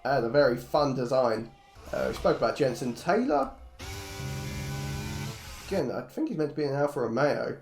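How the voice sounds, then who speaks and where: A man's voice: mid-range voice, lively intonation, moderate pace, pauses often, a little mellow. A man commentating a live sim race stream in a jokey, blunt way, swearing freely. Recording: roomy echo, faint music behind.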